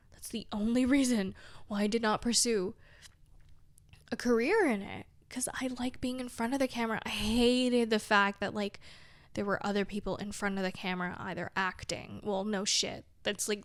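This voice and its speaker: A young woman's slightly high voice comes through clean studio sound without echo. She chats in a rambling, candid confessional vlog, overusing "like," letting sentences trail off and adding wry self-deprecating remarks.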